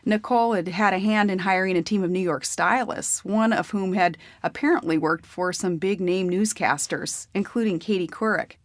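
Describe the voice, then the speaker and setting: A woman's voice: medium pitch, moderate pace, hardly any pauses, dry recording. A woman narrating a memoir audiobook in a plain, conversational storytelling manner.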